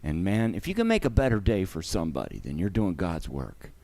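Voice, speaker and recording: A man's voice: low voice, huge pitch swings, a little fast, gravelly, a little mellow. A man hosting a charity livestream, talking emotionally and expressively to his viewers.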